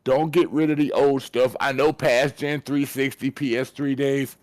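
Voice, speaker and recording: A man's voice: medium pitch, fairly even intonation, normal speed, a little mellow, dry recording, studio quality. A man co-hosting a casual gaming podcast, blunt and slangy, hammering his points home by repeating them. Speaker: podcast co-host.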